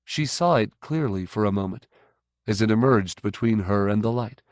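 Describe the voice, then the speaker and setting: A man narrating a science fiction audiobook in a measured, even way. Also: fairly low pitch, no echo, studio quality. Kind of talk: scripted narration.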